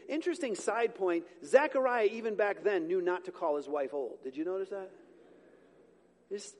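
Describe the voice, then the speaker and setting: A male pastor with a high voice preaches to his congregation in a casual, joking way, stopping now and then to fix his own slips. His voice carries with a long hall reverb around it. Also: lively intonation, moderate pace, darkish tone. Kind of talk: sermon. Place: church sanctuary with a congregation.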